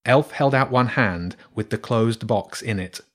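A man reading a children's storybook aloud in a steady, measured way. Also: lowish voice. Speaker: narrator.

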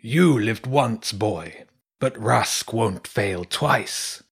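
Guy doing a cold storybook wolf bad guy, low and dragging every word. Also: lively intonation, creaky, breathy edge, full character voice. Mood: menacing. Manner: slow, cold and threatening. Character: menacing grey male wolf villain.

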